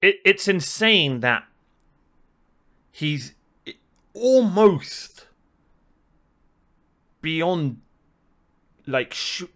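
A man's voice: fairly high pitch, very animated, extremely slow, long pauses, a bit bright. Chatty man reacting to music. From United Kingdom. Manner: thinking aloud, restarts and searches for words. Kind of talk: casual reaction commentary.

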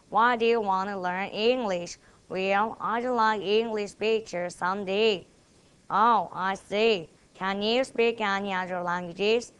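Speaking in a clean-toned, mid-range voice that's a bit bright, a Korean-accented student presenter performs memorized English conversations. She voices both sides of every exchange, taking a careful, deliberate approach.

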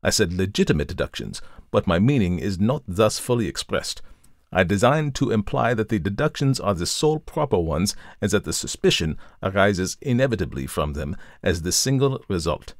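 Male reader doing a calm, methodical detective who lectures in formal tones, low-pitched, dry close sound, storybook reading. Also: no room sound. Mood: lecturing. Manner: measured, formal and explanatory. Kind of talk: audiobook reading of a classic story.

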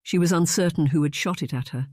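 Brief: measured romance narrator, middle pitch, dry close mic. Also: darkish tone, no room sound. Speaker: audiobook narrator. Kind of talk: scripted audiobook narration.

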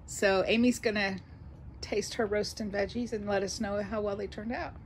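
A woman's voice: mid-range voice, steady tone, normal speed, a little hiss or hum, poor audio. A chatty, encouraging woman, hosting a casual home cooking vlog. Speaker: vlogger host. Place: home kitchen and living room.

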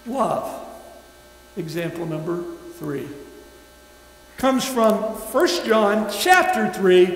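A man preaching a sermon in a church, emphatic and deliberate, leading the congregation in call-and-response. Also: high voice, expressive, slight background noise. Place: church sanctuary. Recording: echoey hall from a distance.

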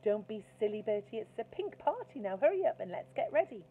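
Fed-up scolding mum, a woman doing the voice, a bit higher, phone-line tinny. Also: sing-song, a little fast. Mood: brisk. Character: exasperated busy mother, scolding but fond. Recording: tinny phone-like sound, faint hiss.

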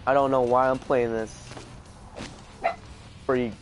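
A man giving casual let's play commentary, panicking out loud and repeating his exclamations. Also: mid-range voice, level tone, unhurried, music in the background. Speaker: gaming video host.

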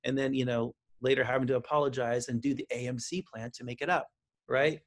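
A man speaking as a counselor guest in an interview, explaining parenting advice with lively delivery and frequent restarts. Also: medium pitch, brisk. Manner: animated, acts out parent and child lines, frequent restarts. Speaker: counselor and author.

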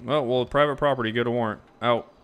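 Brief: male player as a stubborn shop owner, rapid-fire and insistent, mid-pitched. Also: steady tone, over a noisy crowd. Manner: argumentative, insistent, indignant. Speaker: shop owner character in role-play. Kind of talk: in-character game role-play.

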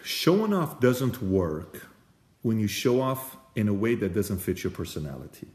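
A man's voice: on the low side, moderate pace. A man hosting and giving a motivational talk, telling stories in an emphatic and direct way. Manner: emphatic storyteller, lively and direct. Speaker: host. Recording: echoey room.

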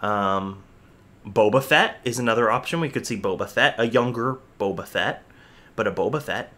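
A man hosting his own reaction vlog, chatting in an excitable, rambling way with lots of fillers and repeated words. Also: on the low side, moderate pace. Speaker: host.

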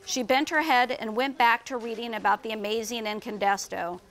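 At a bookstore event, a woman author reads her children's book aloud and describes its pictures in a lively storytelling manner. Her voice is fairly high-pitched and her pace moderate.

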